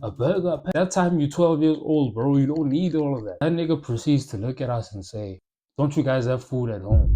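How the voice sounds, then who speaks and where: A young South African man telling stories in a comedic monologue, animated and full of slang and loud jokes. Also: a little high. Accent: South African English. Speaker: comedy YouTuber.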